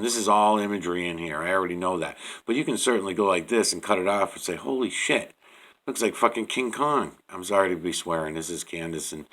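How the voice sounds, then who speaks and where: Low-voiced middle-aged man, loose rambling commentary, swears freely, halting delivery. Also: fairly bright tone. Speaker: video creator. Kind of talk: casual on-screen image commentary.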